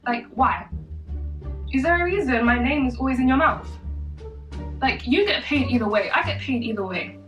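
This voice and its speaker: A woman's voice: high voice, expressive, moderate pace, long pauses, a bit bright, dull audio. A woman in her twenties telling a casual story while getting ready, chatty and sassy with self-mocking asides. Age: 20s. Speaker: vlogger. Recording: echoey room, mic far off, faint music behind.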